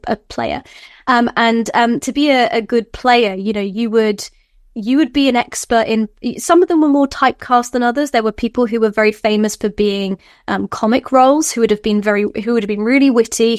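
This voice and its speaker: Animated woman scholar, laughs often. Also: on the high side, no echo, clean studio sound. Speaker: scholar guest. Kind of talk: podcast interview.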